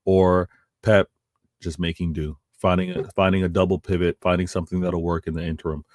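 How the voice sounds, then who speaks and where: A man's voice: low voice, darkish tone, no room sound, studio quality. A man co-hosting a casual football chat, rambling and restarting his phrases. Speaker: co-host.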